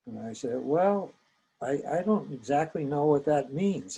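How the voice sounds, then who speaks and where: Older male storyteller: gravelly, slightly husky, reflective and gentle. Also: medium pitch, moderate pace, low-quality recording. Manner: reflective, gentle, with small hesitations. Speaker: psychologist recounting his training. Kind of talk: personal storytelling.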